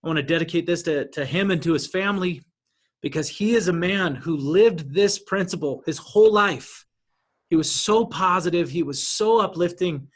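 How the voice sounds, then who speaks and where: Male host with a high voice for a live video-call speaker series, upbeat and sincere. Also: moderate pace. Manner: enthusiastic, then emotional during tribute. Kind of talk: live online event hosting.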